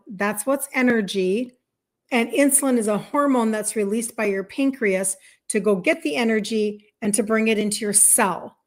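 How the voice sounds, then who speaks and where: Chatty, higher-voiced woman coach in her fifties. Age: 50s. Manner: chatty and emphatic, repeats herself, many fillers of "like". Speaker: health coach. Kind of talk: casual live-stream talk to viewers.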